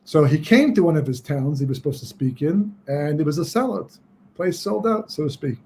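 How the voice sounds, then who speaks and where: A man with a fairly high voice teaching a webinar lesson as a rambling story, full of "you know" and restarts. A faint hiss runs under his speech from a computer microphone. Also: expressive, fairly quick, mellow. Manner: conversational, many fillers and restarts.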